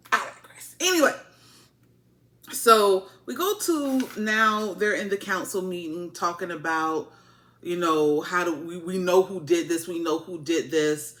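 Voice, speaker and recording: A woman giving a casual, sassy TV episode review, full of repeated words and playful asides. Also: fairly low pitch. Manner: sassy, animated, repetitive asides. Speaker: TV recap reviewer.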